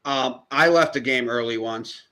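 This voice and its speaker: A man's voice: mid-range voice, moderate pace, sharp tone. An American man from the Upper Midwest co-hosting a sports podcast, blunt and profane as he tells stories and vents. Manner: blunt, heavy swearing, storytelling. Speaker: podcast co-host. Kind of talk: casual sports chat.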